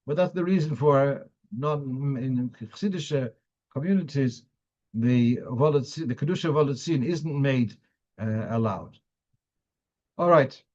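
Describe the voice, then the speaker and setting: A man's voice: mid-range voice, a little slow, a little mellow, dull audio. A man teaching a weekly halachic class as a rabbi, explaining step by step and thinking aloud with frequent restarts. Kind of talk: halachic lecture.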